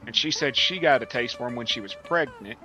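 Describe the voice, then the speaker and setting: A man's voice: medium pitch, fairly quick, sharp tone. A man casually chatting during a gaming livestream, rambling through folksy, profane stories. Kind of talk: casual gaming stream chat.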